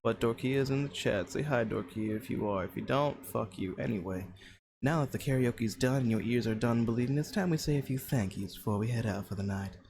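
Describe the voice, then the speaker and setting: A man's voice: mid-range voice, brisk, vocal fry, a crowd in the background, natural voice. A man putting on an accent to voice a showy male stage announcer who speaks with mock-formal grandeur. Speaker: streamer.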